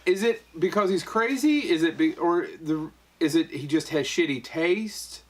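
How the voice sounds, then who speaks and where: Man, podcast host, slightly high voice, casual, brief reactive questions. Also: expressive, normal speed. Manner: laughs along, short interjections and questions. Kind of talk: casual chat.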